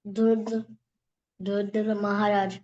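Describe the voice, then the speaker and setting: Hesitant slow-talking student, fairly high voice, on a dull video call. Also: female voice, flat delivery, a little mellow. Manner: hesitant questions with restarts. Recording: dull online call audio.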